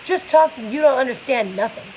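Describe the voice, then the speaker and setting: A woman's voice: high-pitched, brisk, slight background noise, voice pushed up, rough recording. A woman reading as a bitter old stable hand. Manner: plain read-aloud, dialect lines read flatly. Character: weary bitter middle-aged male stable hand.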